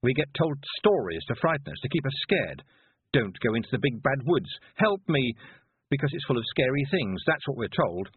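A man voicing a fierce young girl witch in a storybook reading, indignant and demanding in a husky voice. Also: medium pitch, very animated, normal speed, no echo, voice pushed up. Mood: defiant. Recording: dry, phone-like narrow sound.

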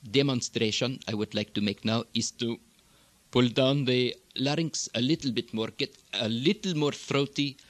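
Man, dialect coach, slow deliberate delivery, dry close recording. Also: mid-range voice, fairly bright tone, dry recording. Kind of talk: accent instruction lesson.

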